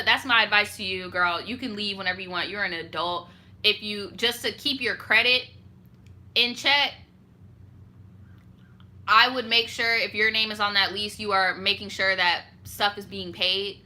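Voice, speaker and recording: A young woman hosting a storytime show, chatting casually and reading viewer stories with animated, profane asides. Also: mid-range voice, unhurried, long pauses.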